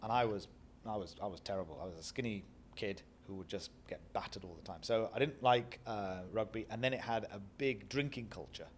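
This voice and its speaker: A middle-aged man from Bradford with a Northern English accent, telling animated stories as an interview guest and acting out the voices of people he quotes. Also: on the low side, brisk, a little hiss or hum. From Bradford, England. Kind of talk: reflective storytelling interview.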